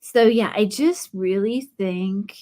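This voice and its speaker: A woman's voice: mid-range voice, slow pace, mellow. Midwestern woman, 30s, craft livestream host. Rambling storyteller who talks to her viewers by name. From Ohio. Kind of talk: chatty live craft stream.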